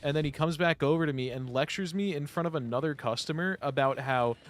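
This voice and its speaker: A man's voice: a little high, brisk. Rambling, foul-mouthed young man streaming. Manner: rambling, profane, heavy use of "like". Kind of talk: casual storytelling while playing a game.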